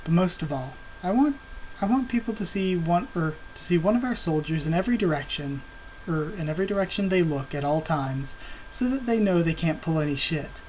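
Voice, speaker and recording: A man's voice: fairly high pitch, expressive, a little fast, a little mellow, slight background noise, natural voice, low-quality recording. A man reading as a cold controlling woman leader. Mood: commanding.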